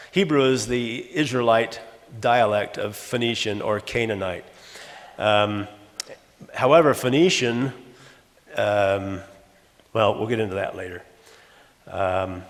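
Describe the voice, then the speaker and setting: A man in his sixties, a retired English teacher, lecturing in a halting, teacherly way with many restarts. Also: medium pitch. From Los Angeles, USA. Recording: long hall reverb.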